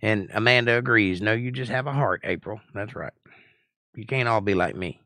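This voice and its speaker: A man's voice: lowish voice, normal speed, bright, forceful tone, dry recording. A middle-aged man hosting a live-stream Bible study, reading viewer comments aloud and answering them in a blunt, assertive, lecturing way. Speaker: Bible study teacher and host.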